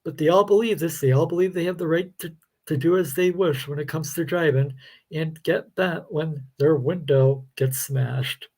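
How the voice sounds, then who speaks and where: A man's voice: fairly high pitch, moderate pace, a little mellow. A man hosting a live reaction video, commenting in a sarcastic, exasperated way. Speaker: host.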